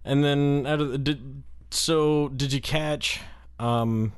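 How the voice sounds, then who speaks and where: A man's voice: mid-range voice, fairly even intonation, slow pace, clear, resonant tone. A man co-hosting a casual podcast, rambling through a wrestling recap with lots of fillers and laughs. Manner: slips into exaggerated crowd voices when retelling. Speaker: podcast co-host.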